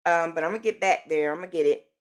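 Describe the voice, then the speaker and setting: A woman hosting a podcast, telling a personal story in a chatty, animated way with informal slang. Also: on the low side, quick pace. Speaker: podcast host.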